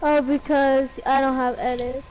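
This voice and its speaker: A woman plays a video game with a friend, talking in a high voice. She speaks slowly and in plain, easygoing remarks, with faint noise in the background. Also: little pitch movement, darkish tone, poor audio. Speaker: fellow player. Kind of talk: casual gaming chat.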